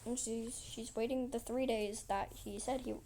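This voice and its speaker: A woman's voice: fairly high pitch, fairly even intonation, moderate pace, warm tone, a little hiss or hum. A woman telling a rambling story casually while drawing, repeating herself and acting out quotes with lots of "like". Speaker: channel host.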